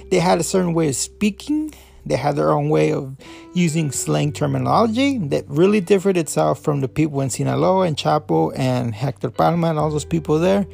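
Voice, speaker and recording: A man's voice: a little high, gravelly, warm tone. A man hosting a podcast, giving a loose, rambling review full of fillers and restarts, a Spanish speaker. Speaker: podcast host. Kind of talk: casual review talk.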